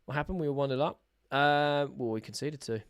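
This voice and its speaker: Excitable man reacting to football. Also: mid-range voice, brisk, clean tone, no room sound, clean studio sound. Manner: excitable, bursts into shouts at goals, sarcastic banter with chat. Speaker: football watch-along host. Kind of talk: live match reaction chat.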